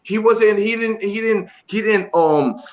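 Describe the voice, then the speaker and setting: Man, high voice, lo-fi call audio, profane, repetitive, casual hip hop chat. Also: measured pace. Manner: profane, loud and repetitive, ends lines with slang tags. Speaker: guest on a hip hop talk stream.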